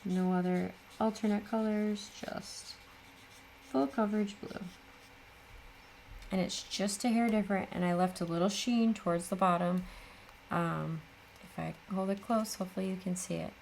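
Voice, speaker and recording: A woman's voice: medium pitch, fairly even intonation, normal speed, gravelly, a little mellow, slight background noise. A middle-aged woman hosting a casual crafting tutorial, chatty and full of self-deprecating asides. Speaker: craft channel host.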